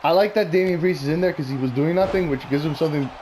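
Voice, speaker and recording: A man's voice: a little high, quick pace, a little mellow, a little hiss or hum. A man talking casually and bluntly, rambling through opinionated predictions with plenty of swearing. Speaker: wrestling commentary vlogger.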